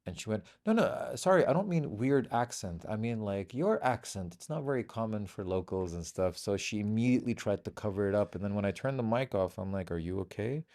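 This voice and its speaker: A man's voice: lowish voice, a little fast, hardly any pauses, mellow. A middle-aged man from Bahrain, a comedian guest telling stories in casual chat and acting out the voices of people he quotes.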